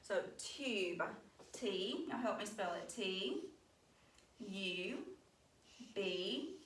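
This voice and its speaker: A woman's voice: mid-range voice, very slow, fairly bright tone, reverberant, far from the mic, slight background noise. A woman with a Southern US accent teaching young children a phonics lesson, upbeat and encouraging. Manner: upbeat, encouraging, addresses class with y'all. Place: classroom.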